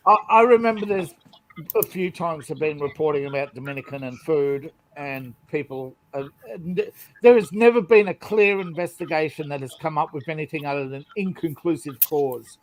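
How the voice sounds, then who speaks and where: A man with a notably high voice trades wry, opinionated remarks in loose, casual conversation. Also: normal speed. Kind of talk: casual chat.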